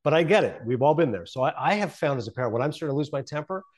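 A man's voice: fairly high pitch, expressive, racing. Earnest man, reflective and candid. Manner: earnest, reflective, many restarts. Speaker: guest, sports broadcaster. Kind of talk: conversational interview.

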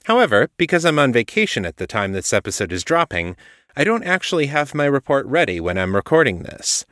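A man, the podcast host and author, reading a story aloud in a measured way. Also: medium pitch, very animated, fairly bright tone, no echo, studio quality. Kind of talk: scripted story narration.

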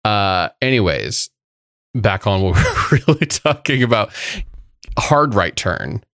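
A very low, gravelly-voiced man chatting about a movie on a podcast, recorded dry and close. He is wry, hops from topic to topic and laughs partway through his sentences. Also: sing-song, slow, fairly bright tone, no room sound. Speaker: podcast co-host. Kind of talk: casual film review chat.

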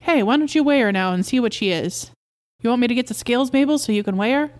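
A woman doing an eager, excitable husband. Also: a little high, fast, voice pushed up, natural voice. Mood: boastful. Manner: bright, insistent, wheedling. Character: eager excitable husband, middle-aged man. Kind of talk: story reading.

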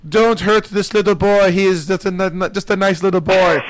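A man's voice: high-pitched, fairly even intonation, normal speed, soft background music, pitched above the performer's own voice, close to an everyday voice, rough recording. A man putting on the voice of a protective older mother with an exaggerated Scottish accent. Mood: pleading. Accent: Scottish, put on.

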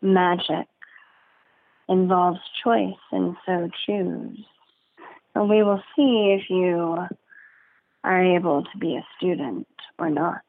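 A woman's voice: lowish voice, steady tone, vocal fry, full character voice. A woman doing a solemn mother bear. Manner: measured, solemn pronouncement. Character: stern, calm mother bear. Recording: narrow phone-like sound, dry.

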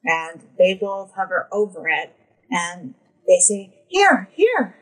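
A woman narrating a tabletop role-playing game as game master, describing scenes at an unhurried pace. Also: on the low side, steady tone, poor audio.

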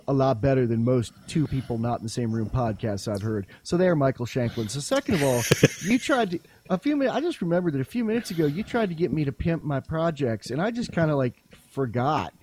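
A man's voice: fairly high pitch, sing-song, brisk, few pauses, a little mellow, a little hiss or hum. Joking, rambling man on a podcast. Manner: joking, rambling, boastful banter. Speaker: podcast guest. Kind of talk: casual podcast conversation. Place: home in Wyoming. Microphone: online voice chat call.

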